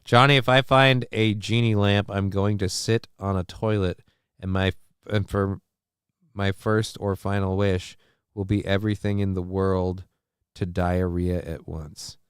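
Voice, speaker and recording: A man's voice: low-pitched, little pitch movement, unhurried, smooth, no room sound, clean studio sound. A man hosting a casual livestream, rambling crudely, reacting to clips and reading chat aloud while feeling sick. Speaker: livestream host.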